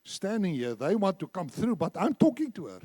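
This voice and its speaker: High-voiced older man preaching. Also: brisk, no room sound. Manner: animated storyteller, acts out dialogue. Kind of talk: sermon with told anecdotes. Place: church.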